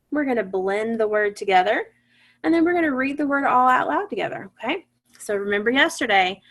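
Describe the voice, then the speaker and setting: A woman teaching a phonics lesson to young children, patient and encouraging, sounding out words slowly. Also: on the high side, a bit bright.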